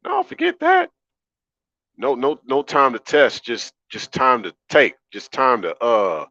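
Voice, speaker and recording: A man's voice: on the low side, fairly bright tone, dry recording, muffled recording. A man hosting a livestream, rambling in a casual, slangy monologue and laughing now and then. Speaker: livestream host.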